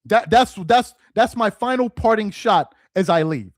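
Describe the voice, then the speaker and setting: A man hosting a sports rant show, mocking and exasperated, firing off rhetorical questions, tripping over repeated words and rising into shouts. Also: high voice, expressive, unhurried, no echo, studio quality. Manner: stumbles and repeats words when worked up; rises into shouts. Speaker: sports commentator host.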